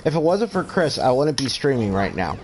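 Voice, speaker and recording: A man's voice: medium pitch, big pitch swings, fairly quick, background noise. A man in his twenties with a stutter, hosting a game stream and talking in an earnest, rambling, heartfelt way. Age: 20s. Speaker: streamer host. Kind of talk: casual chat while streaming a game.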